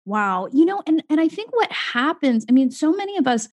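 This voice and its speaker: Woman, author guest, earnest and emphatic, higher voice, dry close-mic sound. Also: very animated, brisk, darkish tone, no echo. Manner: earnest, emphatic, swears freely. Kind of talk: casual podcast conversation.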